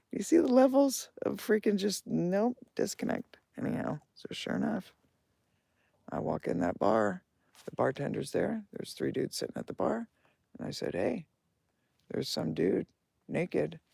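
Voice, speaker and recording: A man on a late-night walk outdoors, telling a story in a casual, animated way, swearing freely and laughing, recorded on a phone. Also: a little high, gravelly, no echo. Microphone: phone held while walking.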